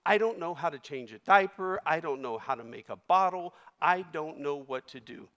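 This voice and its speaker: A man on stage delivering a keynote as an emotional personal story, his voice rising loud and then dropping hushed. His tone sits a little high for a man, and a long reverb of a large hall trails each phrase. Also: lively intonation, normal speed. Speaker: keynote speaker.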